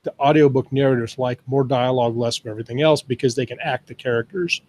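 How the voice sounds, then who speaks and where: A man's voice: medium pitch, fairly even intonation, fast talker, darkish tone. A man talking casually on a podcast, thinking ideas through aloud at length. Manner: thoughtful, explains ideas at length.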